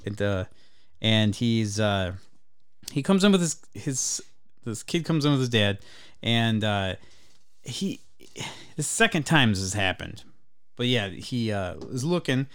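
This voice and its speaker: A man's voice: medium pitch, no room sound. A man co-hosting a casual podcast, telling rambling, profane stories about customers. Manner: rambling, profane, animated retelling. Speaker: podcast co-host and game store worker. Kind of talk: casual storytelling chat.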